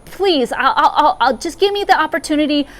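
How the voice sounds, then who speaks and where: Frau spielt verzweifelten Schuldner, hoch, stotternd, flehend, Predigtgleichnis. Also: female voice, sits high, animated, brisk, a bit bright, pitched above the performer's own voice. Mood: pleading. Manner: pleading, stammering. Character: desperate male debtor begging a king.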